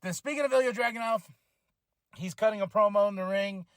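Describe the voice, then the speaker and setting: A man with a high voice talks through a wrestling show like a fan chatting with friends. He is loose and animated, peppering his talk with fillers and short laughs. The sound is dry, with no room echo. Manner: animated, acts out wrestlers' lines in quick voices; frequent laughter and filler words. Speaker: podcast host. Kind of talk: casual wrestling show recap.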